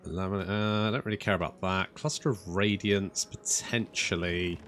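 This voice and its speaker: A man's voice: deep voice, fairly even intonation, normal speed, fairly bright tone, slight background noise. A man giving casual, wry commentary over a strategy game, swearing freely and chatting to his units. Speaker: gaming channel host.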